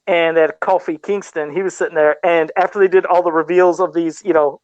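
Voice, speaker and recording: A man co-hosting a casual podcast, talking excitedly with laughs and rambling restarts. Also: fairly high pitch, a little fast, dry recording, dull audio. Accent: says he has an accent. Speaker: podcast co-host.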